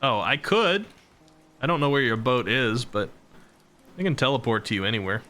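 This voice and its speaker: Chatty bright-voiced man streaming live. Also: mid-range voice, expressive, moderate pace. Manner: chatty, laughs often, talks to viewers. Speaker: VTuber streamer. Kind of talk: casual live-stream chat.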